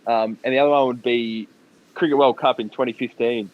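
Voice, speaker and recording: A young Australian man answering as a podcast guest, relaxed and measured with plenty of fillers. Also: mid-range voice, dull audio. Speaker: guest athlete. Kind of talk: casual podcast interview.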